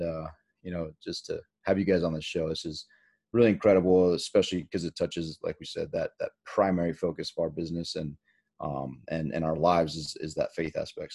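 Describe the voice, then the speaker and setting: A man's voice: deep voice, vocal fry, warm tone, husky. A middle-aged man co-hosting a podcast, talking in a rambling, joking way with many restarts. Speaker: podcast co-host. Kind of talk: casual interview chat.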